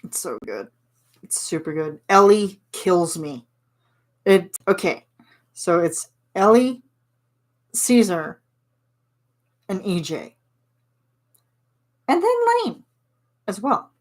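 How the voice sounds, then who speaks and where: A woman's voice: mid-range voice, very animated, takes it slowly, long pauses. Chatty Canadian woman streamer. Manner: chatty and giggly, reads chat replies aloud. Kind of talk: casual chat.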